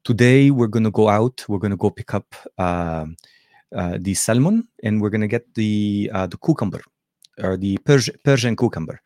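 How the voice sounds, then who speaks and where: A man's voice: lowish voice, moderate pace, a little mellow, no echo, studio quality, natural voice. A man imitating a chatty mother running errands. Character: chatty middle-aged mother listing groceries.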